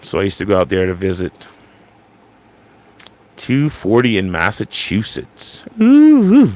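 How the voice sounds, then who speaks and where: A man's voice: sits low, measured pace. A man hosting a casual late-night livestream into an ASMR microphone, rambling and stammering as he repeats words. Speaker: livestream host.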